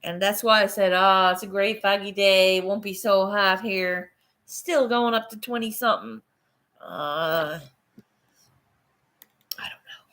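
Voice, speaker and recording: A woman's voice: mid-range voice, a little slow, long pauses, fairly bright tone. A middle-aged woman hosting a casual livestream from her phone, rambling, swearing casually and laughing often. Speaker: livestream host.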